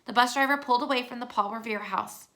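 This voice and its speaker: A woman reading a children's chapter book aloud as narrator, with steady, clear storytelling. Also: fairly high pitch, fast talker.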